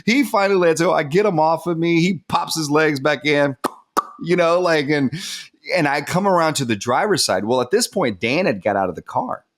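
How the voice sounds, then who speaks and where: A man as a podcast guest telling a personal story candidly, acting out what others said and turning soft and subdued as it gets emotional. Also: on the high side, moderate pace. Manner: animated, acts out quoted dialogue, laughs at himself.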